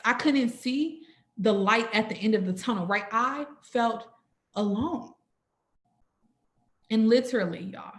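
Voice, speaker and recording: At a sorority orientation, a young woman shares a personal story with the crowd, speaking expressively in a fairly high voice. She keeps pausing to ask "right?" and addresses everyone as "y'all." The room has a noticeable echo.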